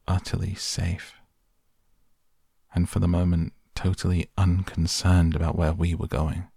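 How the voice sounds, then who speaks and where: A man narrating a story in a measured, even way, reading an audiobook. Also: low voice, vocal fry, husky, no room sound, studio quality.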